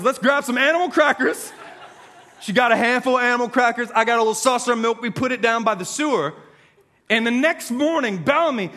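Animated, overdramatic stand-up comedian man. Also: high voice, big-room sound. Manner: animated, overdramatic, swings from loud shouting to hushed mock-solemn. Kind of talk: stand-up storytelling.

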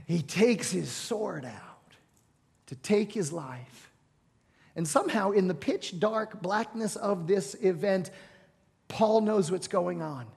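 A high-pitched male pastor telling a sermon story with flair. He rises to ringing shouts, then drops to a hush. A long reverb trails his voice, as in a large hall. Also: animated, slow, creaky, slightly rough. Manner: dramatic storytelling, swings from loud to hushed.

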